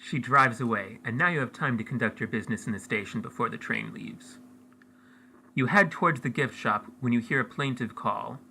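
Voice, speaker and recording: A man reading aloud an interactive story in a measured way, as game master for his friends. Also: mid-range voice, creaky, bright, forceful tone, a little hiss or hum, low-quality recording.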